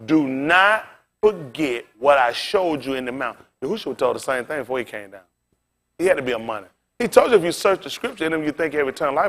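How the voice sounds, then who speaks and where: A male pastor with a slightly higher voice preaches in a loose, conversational way. His pitch and volume climb and drop sharply. He keeps turning to the congregation with direct asides. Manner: casual preaching with big swings in pitch and loudness. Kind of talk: sermon.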